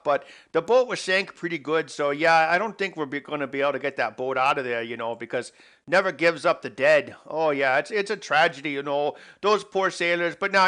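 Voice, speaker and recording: A man's voice: a little high, pushed and bright, smooth. A man putting on an exaggerated Canadian accent, playing a chatty folksy everyman who rambles with lots of fillers. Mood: storytelling, then mock-solemn. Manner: rambling, filler-heavy storytelling.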